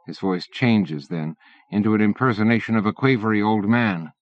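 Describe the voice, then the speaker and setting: A man reading an audiobook in measured scripted narration. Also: fairly low pitch, animated, dry recording. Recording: dull dry lo-fi cassette.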